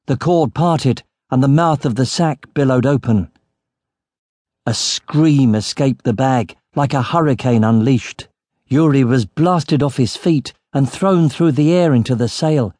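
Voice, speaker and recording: A man narrating an adventure audiobook in a steady, vivid storytelling manner. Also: mid-range voice, no room sound, studio quality. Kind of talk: scripted narration.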